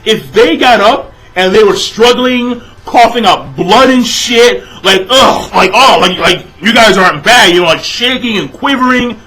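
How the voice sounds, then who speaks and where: In a low-quality recording, a young man with a very high-pitched, sharp voice rants about a manga chapter, a little slowly and with few pauses. He's casual and exasperated, swearing all the time and padding his talk with fillers.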